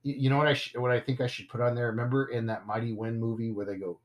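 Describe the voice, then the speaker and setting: A man's voice: mid-range voice, little pitch movement, racing, few pauses, dull audio. A man hosting a casual podcast, joking and stumbling over his words now and then. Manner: playful, self-deprecating, stumbles over words. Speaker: podcast host.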